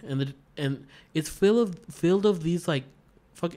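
Hombre contando historias con groserías. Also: male voice, a little high, normal speed. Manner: profane storytelling, acts out quotes loudly. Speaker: podcast co-host. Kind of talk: crude casual chat.

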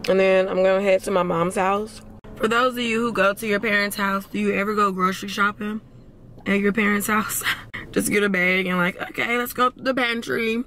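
A woman's voice: medium pitch, fairly even intonation, brisk, a bit bright, a little hiss or hum. A young woman chatting casually to her viewers in a vlog, calling them y'all. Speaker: vlogger.

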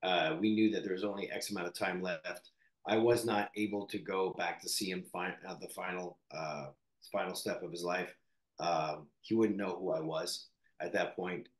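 A man from Canada, an actor, speaking candidly in an interview in a reflective, halting way with many fillers and restarts. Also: low-pitched, fairly even intonation, echoey room.

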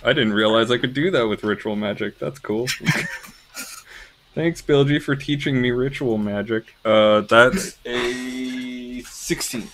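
A man taking part as a player in a tabletop game, chatty and quick to laugh, with many fillers. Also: mid-range voice, fairly bright tone. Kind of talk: casual tabletop game play.

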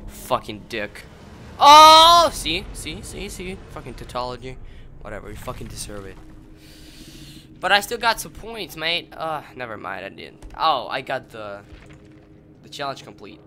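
A man's voice: medium pitch, very animated, moderate pace, pushed and bright, slight background noise. A young man giving gaming commentary while he plays, swearing a lot and ranting in frustration. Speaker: gameplay video creator.

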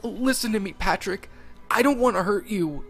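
A man's voice: high-pitched, normal speed, fairly bright tone, faint music behind, pitched above the performer's own voice. A man voicing a frightened, grieving cartoon sea sponge who pleads through tears. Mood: pleading. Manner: pleading, tearful.

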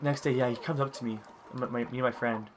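A man's voice: medium pitch, steady tone, fast talker, slight background noise. A young man co-hosting a casual gaming video, telling a rambling story, swearing freely and acting out what people said. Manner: rambling, swears freely, acts out quoted speech. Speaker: co-host.

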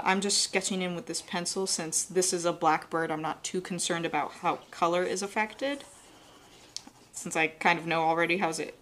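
A woman with a fairly low voice leads a live drawing demonstration. She talks in a relaxed, chatty way while she works, walking viewers through each step. Her tone stays that of an instructor. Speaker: art instructor.

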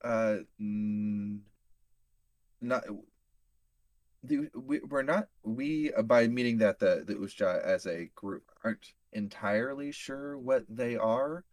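A man's voice: medium pitch, takes it slowly, a little mellow, no echo. A man playing a tabletop role-playing game, talking hesitantly with many fillers. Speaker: player. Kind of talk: casual tabletop role-play.

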